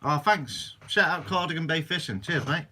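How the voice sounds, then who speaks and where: A young man hosts a casual live stream, reading out viewer questions and answering them in an easygoing, chatty way. His voice is bright and forward, sitting a little high for a man. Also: moderate pace. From Guernsey, Channel Islands. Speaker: fishing channel host.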